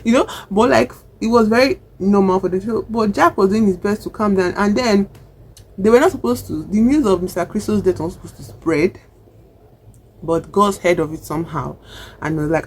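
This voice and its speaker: Nigerian-accented vlogger, mid-pitched, chatty and animated recap, faint background hiss. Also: normal speed. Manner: chatty and animated, acts out characters' lines. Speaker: film reviewer. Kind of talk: casual film recap.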